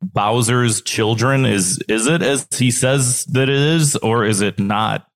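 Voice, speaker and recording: A man co-hosting a casual podcast, cracking dry, deadpan jokes. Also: mid-range voice, slow. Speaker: podcast co-host.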